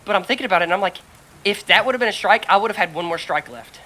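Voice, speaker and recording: A woman chatting on a podcast with a bright, forceful voice. She tells a long work story in an animated, profane way, slipping into quick impressions of the people in it. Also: medium pitch, poor audio. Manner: animated storyteller, heavy swearing, acts out quotes. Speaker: podcast co-host. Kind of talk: casual chat.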